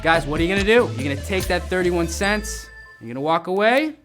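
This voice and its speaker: A man's voice: high voice, expressive, brisk, over music. Upbeat, jokey male trivia show host. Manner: upbeat, jokey, playful asides. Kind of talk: live trivia game show hosting.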